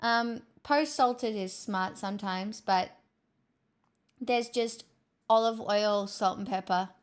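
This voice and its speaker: A woman's voice: mid-range voice, takes it slowly, clear, resonant tone. A woman live streamer chatting casually with her viewers at home in her kitchen, playful and self-mocking.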